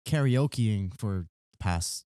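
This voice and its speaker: Chill guy bantering on a podcast, warm low voice, dry sound. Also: expressive, slow, dry recording. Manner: laid-back, playful banter. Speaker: podcast co-host. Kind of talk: late-night casual chat over drinks. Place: rented holiday home, indoors.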